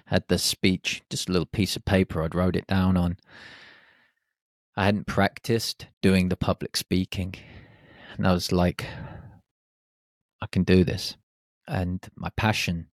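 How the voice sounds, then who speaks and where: A man in his forties from the UK, a podcast host telling a reflective personal story and acting out his nervous inner voice in hushed tones. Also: low voice, no room sound, studio quality. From United Kingdom.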